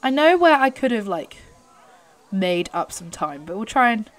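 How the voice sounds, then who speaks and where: Excitable British woman commentating a game. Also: mid-range voice, moderate pace. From Britain. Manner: excitable, exclaims and urges her horse on. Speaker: gaming YouTuber. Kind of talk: live gameplay commentary.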